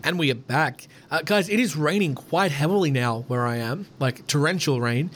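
A man's voice: a little high, lively intonation, normal speed, music in the background. Chatty, swearing male podcast host. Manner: rambling, chatty, swears freely, frequent fillers. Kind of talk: casual podcast chat.

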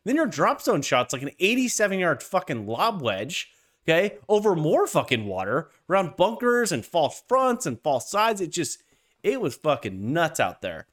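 A man co-hosting a casual golf chat, his voice sitting a bit high and swinging widely as he tells a profane, animated story. He swears freely and talks with loose, excited energy. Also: moderate pace. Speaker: podcast co-host.

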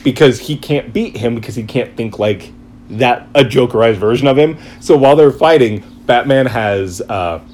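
Man, casual chatter, excited rambling storyteller who swears and acts out quotes; mid pitch, faint background hiss. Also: moderate pace. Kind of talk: casual chat.

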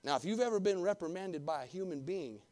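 A man's voice: sits high, expressive, fast, darkish tone. A male pastor preaching a fervent sermon, calling for amens and talking straight to his congregation. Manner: fervent, calls for amens, talks directly to the congregation.

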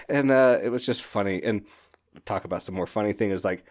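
Man, podcast host, low-pitched, excitable, rambling, laughs a lot, casual book chat. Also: fairly quick.

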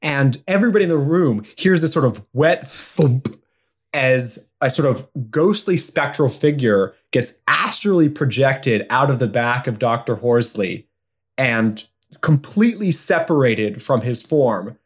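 A man narrating his player character's actions in a tabletop game, quick and stumbling. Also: mid-range voice, husky.

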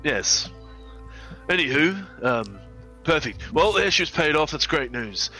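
A man's voice: fairly high pitch, sing-song, measured pace, sharp tone, faint music behind, heavily acted, rough recording. A man playing a chummy grung adventurer. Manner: chummy, says "mate".

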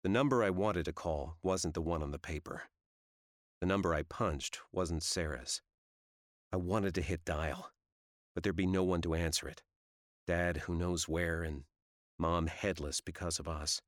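A man reading a first-person audiobook in a low-key, measured way. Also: steady tone, no room sound, studio quality. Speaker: audiobook narrator.

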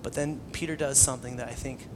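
A man's voice: medium pitch, fast, background noise. A man preaching a conversational sermon, acting out scenes with lots of energy. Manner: conversational, animated, acts out scenes. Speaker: pastor.

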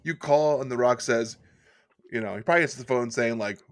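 A man's voice: medium pitch, brisk. A man hosting a comedy podcast in a playful, teasing way, often laughing. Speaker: podcast host. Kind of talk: casual comedy chat.

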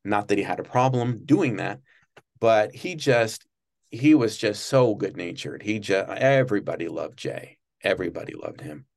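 A man being interviewed, telling long, rambling stories about his work at a TV studio and breaking into quick impressions of people. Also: lowish voice, vocal fry. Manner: rambling, many restarts, animated when mimicking others. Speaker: guest recalling work at a TV studio. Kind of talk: casual interview storytelling.

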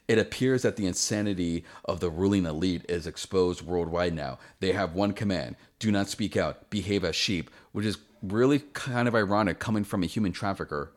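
A man co-hosting a podcast in casual chat, swearing freely and mocking his targets. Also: deep voice. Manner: profane, mocking, agreeing with frequent mm-hmms. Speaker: podcast co-host.

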